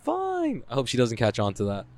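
A man's voice: lowish voice, steady tone, quick pace, darkish tone. A young man ranting to camera in a loose, profane way, full of "like" fillers. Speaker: vlogger. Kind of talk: casual rambling rant.

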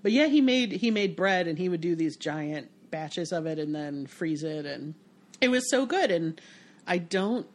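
A woman's voice: lowish voice, expressive, unhurried. An American woman in casual conversation, telling stories with lots of restarts and fillers. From United States. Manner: chatty, storytelling with many restarts. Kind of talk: casual chat.

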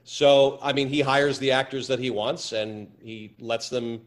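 Male actor guest, mid-pitched, stop-start storyteller, repeats himself. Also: steady tone. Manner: halting, repeats words, storytelling. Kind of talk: anecdotal interview chat.

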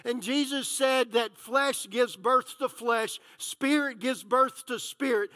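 A pastor preaching with a very high voice. His tone is bright and forceful, and he moves from hushed lines to loud, emphatic ones. His talk is scattered with "uh, you know" fillers. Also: slow, few pauses. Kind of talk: sermon.

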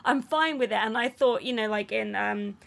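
A woman co-hosting a film review podcast, talking in a chatty, animated way with many fillers. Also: fairly high pitch, moderate pace, gravelly. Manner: chatty and animated, frequent "like" and laughs. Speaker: podcast co-host. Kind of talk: casual film review chat.

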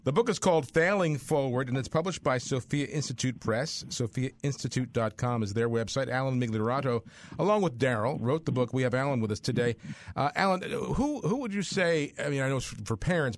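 A man's voice: mid-range voice, expressive, a little fast, no echo. A man hosting a radio interview, reading out book details and asking the guest questions. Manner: brief encouraging interjections, reads book details. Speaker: radio host.

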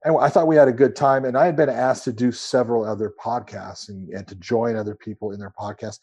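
A man co-hosting a podcast, telling a long story in a relaxed, rambling way with some swearing. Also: mid-range voice, quick pace, slightly rough. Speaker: podcast co-host. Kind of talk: casual storytelling.

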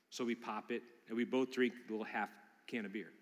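A middle-aged man preaching as a pastor, telling personal stories in an animated way and acting out the voices in his anecdotes. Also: lowish voice, fairly quick. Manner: animated, acts out quotes in character voices. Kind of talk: sermon with personal storytelling. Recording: long reverb of a large hall.

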